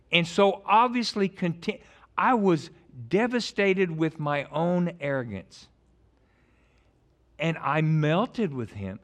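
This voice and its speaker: Animated preacher telling a story. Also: male voice, on the high side. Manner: animated, emotional, with many restarts and sudden loud and soft turns. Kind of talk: storytelling sermon.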